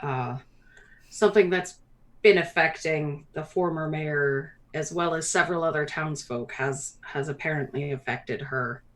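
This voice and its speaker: A woman's voice: low-pitched, unhurried, pitched below the performer's own voice. A woman voicing a kindly, fretful middle-aged female dwarf mayor who speaks in a motherly, hesitant way. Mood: somber. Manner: motherly, hesitant, hushed when delivering bad news.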